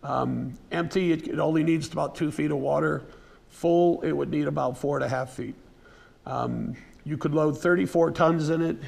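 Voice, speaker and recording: A man giving a casual, unscripted museum lecture, telling a story in a folksy way with fillers and restarts and now and then clearing his throat. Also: on the high side, moderate pace, darkish tone. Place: museum presentation room.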